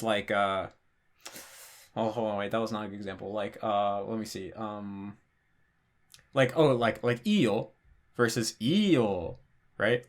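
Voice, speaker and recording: A man hosting a casual question-and-answer talk, chatty and blunt, often checking in with the listener. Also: lowish voice. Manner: chatty, frequently checks in with "right?" and fillers; emphatic, blunt opinions. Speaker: language-learning channel host. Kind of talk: casual Q&A monologue.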